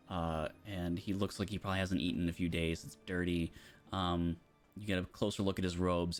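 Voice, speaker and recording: A man narrating as game master of a tabletop game, casual and hesitant, with many fillers, over background music. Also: sits low.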